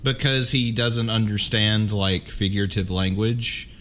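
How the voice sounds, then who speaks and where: A man co-hosting a podcast, making dry, halting remarks in casual chat. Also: lowish voice, fairly bright tone, slight background noise. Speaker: podcast co-host. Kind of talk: casual movie-review chat.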